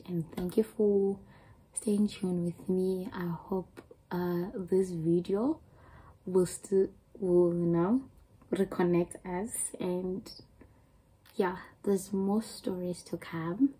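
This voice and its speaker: A woman's voice: on the low side, warm tone, slightly rough, rough recording. A young woman with a South African accent, telling a rambling, emotional storytime to her channel. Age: young adult. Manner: emotional, rambling retelling with many restarts. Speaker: YouTuber. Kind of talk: storytime vlog.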